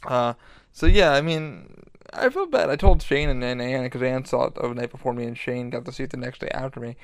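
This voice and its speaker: A man hosting a podcast, talking in a rambling, excitable way and swearing a lot. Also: medium pitch, a little fast, no echo. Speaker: podcast host. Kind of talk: casual monologue.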